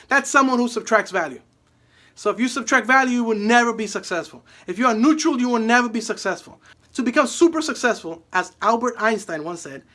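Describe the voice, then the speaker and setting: A man's voice: high-pitched, animated, a little fast, bright, forceful tone. A man telling a motivational story to an audience, emphatic and fond of repeating his key phrases. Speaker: motivational speaker.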